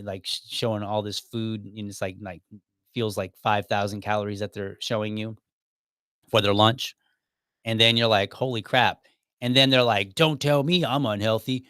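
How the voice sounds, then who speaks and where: A man's voice: mid-range voice, pushed and bright, no room sound, clean studio sound. A man in his forties talking casually as host of a dad podcast, rambling a little, with restarts and asides. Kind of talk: casual monologue.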